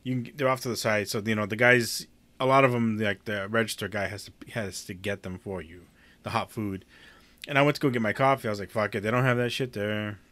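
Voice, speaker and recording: Bright-voiced man telling rambling stories. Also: on the low side, fairly quick, no echo. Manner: rambling profane storyteller, laughs often. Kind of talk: casual chat.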